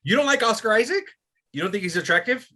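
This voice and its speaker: A man's voice: high voice, lively intonation, fast talker, bright, forceful tone. Laid-back swearing man chatting on a podcast. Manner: laid-back, swears often, trails off in restarts. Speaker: podcast host. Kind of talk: casual podcast chat.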